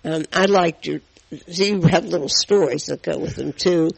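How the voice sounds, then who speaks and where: A man co-hosting a chat, asking halting questions full of fillers. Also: fairly high pitch, gravelly, husky, dry recording, rough recording. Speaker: radio co-host. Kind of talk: casual interview chat.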